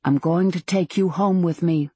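A woman's voice: lowish voice, fairly quick, breathy edge, no room sound. A woman voicing a determined, protective young man who speaks firmly and earnestly.

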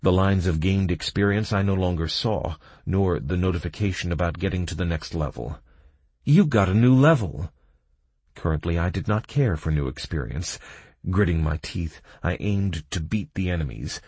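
A man with a deep, husky voice reads a first-person fantasy game audiobook. He tells the battle at a steady pace, and his dry, close sound has no room around it. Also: normal speed, no room sound. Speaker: audiobook narrator.

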